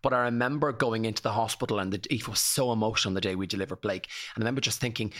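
Bright-voiced Irish man opening up. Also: on the low side, very fast. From Ireland. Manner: open, tumbling storytelling. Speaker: guest. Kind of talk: candid emotional interview.

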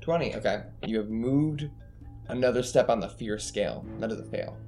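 A man running a tabletop game as games master, narrating in a casual, animated way. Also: mid-range voice, normal speed, faint music behind.

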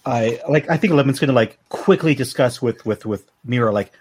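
A man's voice: medium pitch, fairly quick, darkish tone, breathy edge. A man playing a tabletop game, talking casually and hesitantly, often repeating words. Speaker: player.

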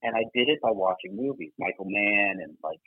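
A man's voice: on the low side, lively intonation, fairly quick, husky, dry recording. A man telling a story casually as a guest, swearing and filling his talk with fillers. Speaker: guest, former double agent. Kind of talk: animated storytelling. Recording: tinny phone-like line.

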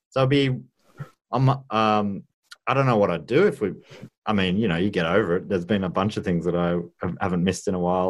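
A man hosting a podcast, chatting casually with wry, rambling asides. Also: deep voice. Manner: rambling, self-interrupting, wry. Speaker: podcast host. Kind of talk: casual chat.

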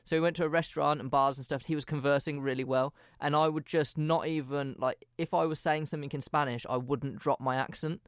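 A man's voice: on the high side, steady tone, a little fast, few pauses, clean tone, dry recording, clean studio sound. A man with a Birmingham accent co-hosting a podcast, self-deprecating and blunt, with some swearing. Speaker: podcast co-host. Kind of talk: casual chat.

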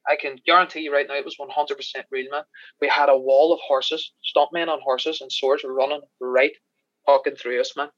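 An Irish man, a podcast guest, telling animated stories in casual chat, swearing and laughing as he goes. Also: mid-range voice, a little fast, no echo, lo-fi sound. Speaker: podcast guest, special effects crew member.

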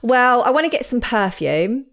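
A woman's voice: fairly high pitch, very animated, normal speed. A woman in her thirties co-hosting a casual chat podcast, talking in an easygoing, reminiscing way. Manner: warm, reminiscing, easily emotional. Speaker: podcast co-host.

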